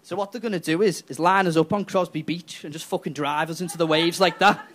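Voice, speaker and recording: A man's voice: on the high side, steady tone, quick pace. A man doing a crude, ranting stand-up set in a comedy club. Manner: crude, ranting, switching between put-on voices and shouts.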